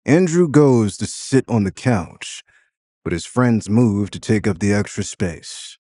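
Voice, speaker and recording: A man narrating an audio drama in a measured, expressive storytelling manner. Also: lowish voice, dry recording, studio quality.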